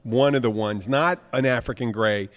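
A man's voice: medium pitch, normal speed, fairly bright tone. A man co-hosting a podcast, telling rambling stories and laughing at his own jokes in casual chat. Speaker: podcast co-host.

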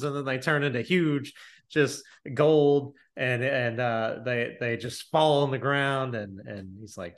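A man's voice: medium pitch, fairly bright tone. A man co-hosting a podcast, casually retelling cartoon scenes and quoting the characters. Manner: retells cartoon scenes with quick quoted voices. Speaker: podcast co-host. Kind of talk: casual chat.

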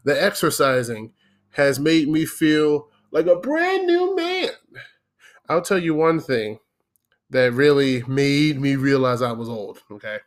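A man's voice: medium pitch, unhurried. A man in his twenties ranting casually, swearing freely and checking in with his listeners. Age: 20s. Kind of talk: casual comedic rant.

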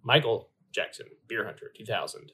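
Male podcast host, casual and animated, reads text aloud with playful emphasis. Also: on the low side, normal speed, breathy edge. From Louisville area, US. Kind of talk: casual podcast chat about beer.

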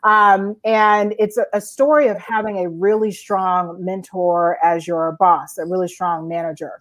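A woman's voice: lowish voice, unhurried. Woman telling stories as an interview guest. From Georgia, US. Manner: lively anecdotal telling with frequent uh fillers. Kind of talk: conversational storytelling.

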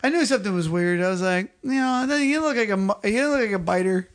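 A man's voice: high voice, fast. A man co-hosting a comedy podcast, rambling through a story and repeating himself as he acts out quotes. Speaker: podcast co-host.

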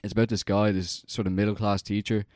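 A young man chats casually about a film, rambling and swearing with lots of filler words. His fairly low, slightly mellow voice moves quickly with little pitch variation. The recording is dry and studio quality.

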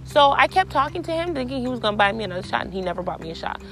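A woman's voice: fairly high pitch, rapid-fire, faint music behind. A woman vlogger casually telling a story to her viewers, blunt and profane, acting out both sides of the exchanges. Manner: animated, acts out both sides of conversations.

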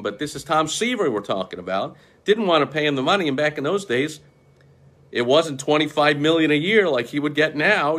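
A man's voice: medium pitch, a bit bright. A middle-aged man from New York talking casually and passionately to camera, rambling through memories and reeling off statistics. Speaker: vlogger, baseball fan.

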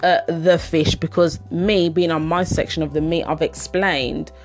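A woman's voice: low voice, steady tone, a little slow, faint music behind. A woman telling a casual personal anecdote in a chatty, rambling way, full of fillers. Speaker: storyteller.

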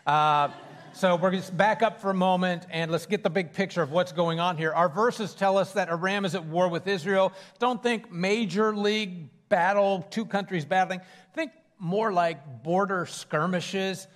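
A man's voice: high voice, moderate pace, in a large hall. A man preaching a sermon in a church, conversational with fillers and restarts. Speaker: pastor. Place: church sanctuary.

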